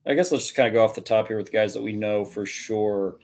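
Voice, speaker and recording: A man's voice: lowish voice, fast, darkish tone, dull audio. A man hosting a casual sports podcast, rambling and hedging with plenty of "you know" fillers. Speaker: podcast host.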